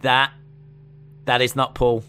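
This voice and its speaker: A man's voice: mid-range voice, level tone, slow pace, sharp tone, clear, resonant tone. A British man co-hosting a casual stream chat, playful and jokey, often slipping into silly bits. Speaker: co-host.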